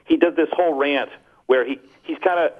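Male comedian co-host, animated storyteller who mocks people, higher voice, tinny phone-like audio. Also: moderate pace. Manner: animated, mocking impressions in storytelling. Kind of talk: casual chat.

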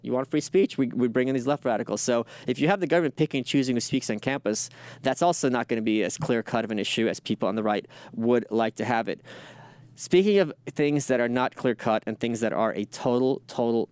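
A man's voice: medium pitch, clean tone, no echo. Sardonic man riffing on news, dry sound. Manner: sardonic, profane, reads headlines then riffs. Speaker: political commentary host. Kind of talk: casual news commentary.

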